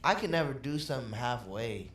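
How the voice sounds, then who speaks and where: A man's voice: mid-range voice, fairly quick. A man co-hosting a casual podcast chat, telling stories with lots of acted-out quotes. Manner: animated storyteller who acts out quotes. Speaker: podcast co-host. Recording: roomy room with faint background noise.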